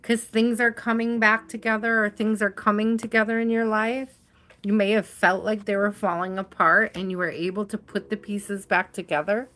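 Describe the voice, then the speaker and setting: A tarot reader does a live reading, chatty and affectionate, tired and yawning, often laughing and stretching out key words. Her voice is medium-pitched with little pitch movement and a fairly bright tone.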